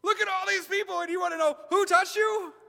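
A preacher putting on exasperated disciples, their voices jumping way up high and loud in mocking disbelief. The sound is bright and edged and trails off into a long hall reverb. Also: male voice, steady tone, brisk, creaky, full character voice. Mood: incredulous. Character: incredulous exasperated male disciples.

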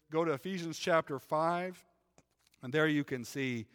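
A man's voice: medium pitch, a bit bright, long reverb tail. A man preaching a sermon in a church, talking to the congregation in a conversational way and often adding "right?". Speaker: pastor. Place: church sanctuary.

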